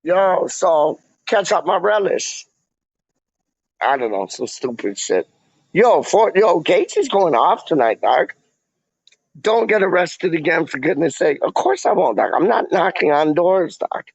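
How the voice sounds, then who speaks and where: Slow-talking gravelly man, lo-fi audio. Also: fairly high pitch, lively intonation, no echo. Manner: rambling, slang-heavy, lots of "like" and "man". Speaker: fan vlogger reading live chat. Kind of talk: casual slangy livestream chat. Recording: dull lo-fi audio.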